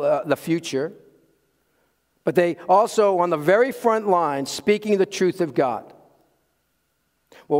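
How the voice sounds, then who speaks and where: A man preaching a sermon as pastor, swinging from loud emphasis to hushed asides and chuckling at his own jokes. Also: high voice. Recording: long hall reverb.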